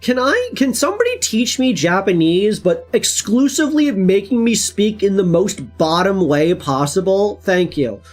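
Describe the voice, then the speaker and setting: Lively rambling streamer chatting while gaming. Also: normal speed, few pauses, faint music behind. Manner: rambling, animated, laughs often; reads game text in a low flat tone. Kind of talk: casual chat while gaming.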